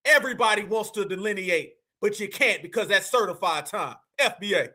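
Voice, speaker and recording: A man hosting a live stream, reacting to clips in a loud, mocking way and often calling out to his audience. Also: high-pitched, fairly quick. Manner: loud, mocking, keeps addressing "family".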